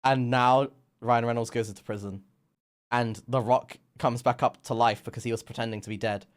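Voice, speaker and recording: A man's voice: mid-range voice, fairly even intonation, moderate pace. A young man with a British accent, a streamer telling a rambling, made-up comic story in a casual, playful way. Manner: rambling and playful, acting out voices.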